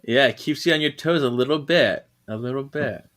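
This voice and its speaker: A man co-hosting a podcast, talking through a comic issue in a relaxed, chatty way. His voice is bright and forward, and he jumps into high, lively voices when he quotes the characters. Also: fairly quick. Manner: animated, acts out characters' lines with big jumps in pitch. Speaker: podcast co-host. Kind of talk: casual chat recapping a comic.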